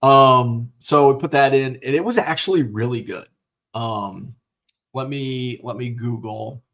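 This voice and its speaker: A man's voice: medium pitch, a little slow, a bit bright. Rambling man chatting on a stream. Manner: rambling, many fillers and restarts, swears casually. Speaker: host. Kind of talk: casual livestream chat.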